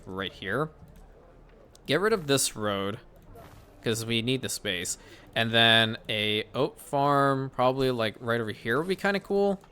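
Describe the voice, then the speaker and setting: A gaming channel host with a mid-range, fairly bright and clean voice chats through casual gameplay commentary. He thinks aloud as he plays and often corrects himself mid-sentence.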